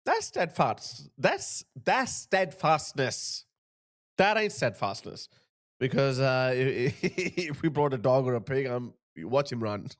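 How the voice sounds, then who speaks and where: A man's voice: medium pitch, sing-song, slow pace. A man in his thirties hosting a reaction commentary, talking in a mocking way and putting on the voices of the people he describes. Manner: mocking, puts on voices of others. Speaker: commentary host.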